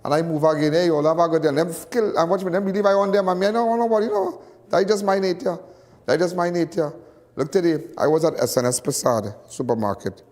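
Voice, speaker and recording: A man's voice: fairly high pitch, quick pace, darkish tone, big-room sound. A man with a Trinidadian accent hosting a live call-in crime talk show, rambling and folksy and repeating himself as he talks. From Trinidad and Tobago.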